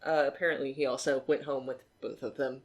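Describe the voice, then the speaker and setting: A woman's voice: very deep voice, fairly even intonation, brisk. A married woman co-hosting a podcast, telling rambling anecdotes with many "um"s and side remarks. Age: adult, married. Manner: rambling storyteller, lots of "um" and asides. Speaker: podcast co-host. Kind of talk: casual chat.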